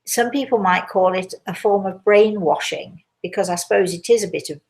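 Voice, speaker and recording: An older woman speaks casually and chattily, circling back to repeat her phrases and restarting her sentences. She answers questions as a spiritual medium in a relaxed live session, with a voice of ordinary pitch. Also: moderate pace, creaky, slight background noise, rough recording.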